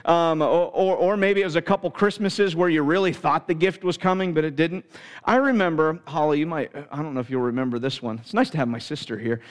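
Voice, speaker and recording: A middle-aged man from Pennsylvania, a pastor delivering a sermon through an animated, self-mocking story. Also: on the high side, a little fast, big-room sound.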